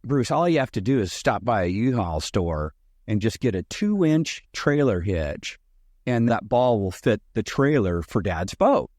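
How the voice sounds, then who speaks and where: A man voicing his brother as an upbeat, folksy salesman pitching a boat. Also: sing-song, unhurried, a little mellow, no room sound, clean studio sound. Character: eager persuasive brother selling a boat, man.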